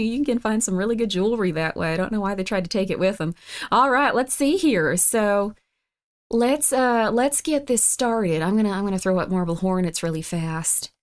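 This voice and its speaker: A woman on a live stream chats and rambles casually, responding to her chat with sudden high-pitched squeals and sweeping changes in pitch.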